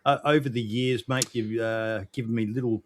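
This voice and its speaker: A man's voice: medium pitch, fairly even intonation, normal speed, slight background noise. Chummy Australian male host. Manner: chummy, joking, keeps calling his guest "mate". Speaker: podcast host. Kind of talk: casual interview chat.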